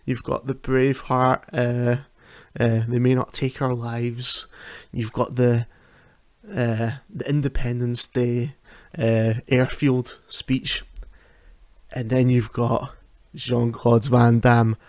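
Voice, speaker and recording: A man's voice: medium pitch, level tone, slow pace, darkish tone, no echo. A man, hosting a casual solo talk at home, chatty and self-deprecating, laughing often and restarting his sentences. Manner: rambling with frequent restarts. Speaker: podcast host. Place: at home at night.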